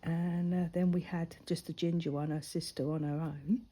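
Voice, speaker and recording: A crafting vlogger with a low, dark, husky voice speaks at normal speed in a flat delivery. A mother of a grown daughter, she rambles casually through a personal story while colouring, often dropping to a near-whisper.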